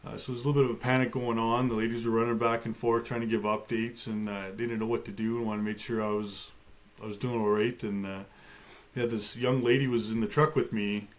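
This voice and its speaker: A man of middle pitch telling his own story as a talk show guest. He keeps a steady, matter-of-fact tone with touches of dry humor and plenty of casual fillers. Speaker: guest, bear attack survivor.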